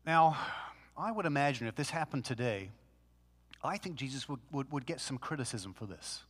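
Pastor guy preaching a sermon, chatty and animated, asks lots of rhetorical questions, echo tail from the hall. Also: mid-range voice, moderate pace, husky.

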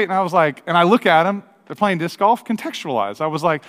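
A man's voice: high voice, a little fast, fairly bright tone. A man from the American Midwest preaching a sermon in a conversational way, telling personal stories with many restarts and acted-out quotes. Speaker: pastor. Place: church sanctuary. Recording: long reverb of a large hall.

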